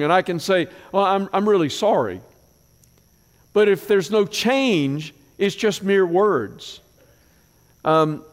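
Man, preacher, sermon, folksy storytelling, low asides, higher voice, echoing church hall. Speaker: pastor.

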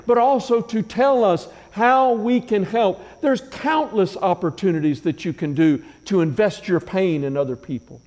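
Preaching in a large church sanctuary whose long reverb carries his words, a pastor speaks in a high, mellow voice. His sermon is measured and emphatic, driving each point home with piled-up repeated phrases.

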